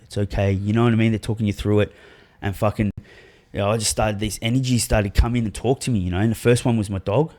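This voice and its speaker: A man telling a personal story as a podcast guest, earnest and full of swearing. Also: fairly low pitch. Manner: earnest, heavy swearing, drawn-out soft delivery. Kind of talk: casual storytelling interview.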